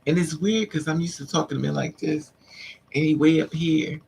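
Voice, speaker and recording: A woman vlogger telling a story in a casual, animated way, repeating lines for emphasis and acting out what men said to her. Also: low-pitched, normal speed, vocal fry, slight background noise, rough recording. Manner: acts out the men's lines in quotes.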